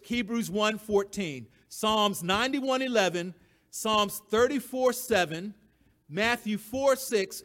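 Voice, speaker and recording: A man delivering a sermon in a fairly high voice. He talks with emphasis, repeats his key phrases, and chuckles at his own points. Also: a bit bright. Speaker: preacher.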